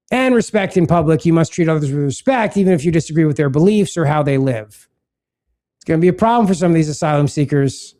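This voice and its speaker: A man's voice: on the high side, gravelly, a little mellow. Sarcastic man hosting a political talk show. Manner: sarcastic, reads texts aloud with mocking asides. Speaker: podcast host.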